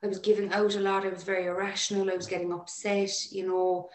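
A woman telling a personal story in an emotional, halting way with many restarts. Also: mid-range voice, level tone, a little mellow. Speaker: interview guest. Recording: echoey room.

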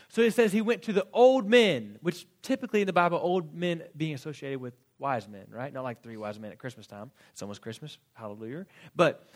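Animated casual man preaching. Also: a little high. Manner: casual, animated preaching with quick asides and acted-out quotes. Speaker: pastor. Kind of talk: sermon.

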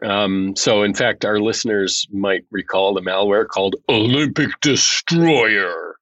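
A man's voice: lowish voice, unhurried, few pauses, fairly bright tone, no echo, lo-fi sound. A man explaining security threats in casual podcast talk, slipping dry jokes into his explanations. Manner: dry joking asides in explanations. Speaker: security analyst guest.

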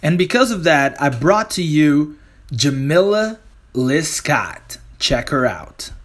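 Man, presenter, casual intro, upbeat, slightly raised pitch. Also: sing-song, takes it slowly, background noise.

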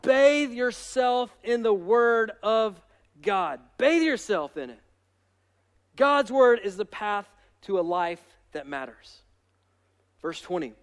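A male pastor preaching a sermon in an energetic, emphatic way, with self-deprecating humor. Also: high voice, takes it slowly.

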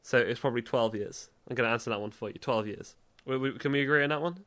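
A young man, co-hosting a podcast in casual chat, full of stammered restarts and quick laughs. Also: medium pitch, a bit bright. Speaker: podcast co-host.

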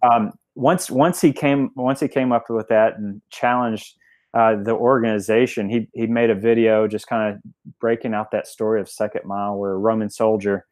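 A man's voice: on the low side, fairly even intonation, moderate pace, darkish tone, no room sound. A man telling a story in a casual interview, rambling with many restarts and fillers. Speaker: guest, family member of a restaurant chain.

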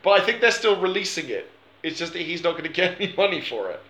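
Bright-voiced man hosting a film podcast. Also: sits high, animated, fast talker, reverberant, a little hiss or hum. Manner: laughing, rambling, jokey. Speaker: podcast host. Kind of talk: casual film podcast chat.

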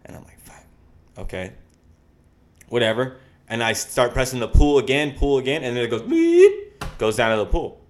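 A young man telling a story in a casual chat, swearing freely and acting out his panic with loud shouts. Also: medium pitch, normal speed, long pauses. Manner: profane, animated storyteller with shouted reenactments.

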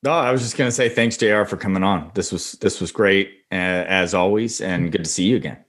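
A man co-hosting a podcast interview, relaxed and easygoing as he wraps up. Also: deep voice, fairly quick. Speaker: podcast co-host. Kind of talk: casual interview talk.

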